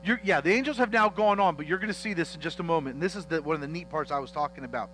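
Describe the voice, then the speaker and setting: A man preaching a teaching sermon as pastor, animated and joking as he acts out the dialogue of a Bible story in church. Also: fairly high pitch, rapid-fire, a little hiss or hum, rough recording.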